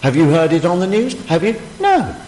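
A man's voice: high voice, wildly swooping pitch, normal speed, a little mellow, slight background noise. A man preaching a sermon, emphatic and full of rhetorical questions. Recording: echoey hall, faint ambience.

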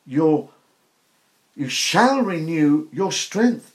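A man's voice: fairly high pitch, lively intonation, extremely slow. An older man preaching an informal sermon to a small group, earnest and emphatic, asking rhetorical questions. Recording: roomy echo.

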